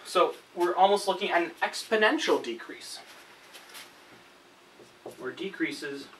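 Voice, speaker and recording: Faint room hiss comes through the camera mic set up across the classroom as a male chemistry teacher teaches at the whiteboard. His voice sits high, fairly bright and expressive, and he speaks unhurriedly, chatting, correcting himself often, and checking in with "okay?"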